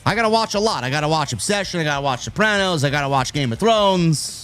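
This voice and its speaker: A man's voice: a little high, animated, fast talker, fairly bright tone, soft background music. A man from New York who hosts a live stream, chatting casually and reading out viewer messages, with frequent restarts. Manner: rambling, restarts, reads viewer messages aloud. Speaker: host of a wrestling live stream.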